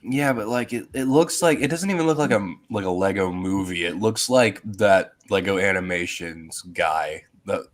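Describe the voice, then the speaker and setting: A man's voice: deep voice, moderate pace, few pauses. A man hosting a casual movie podcast over a video call, rambling with fillers and restarts. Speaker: podcast host.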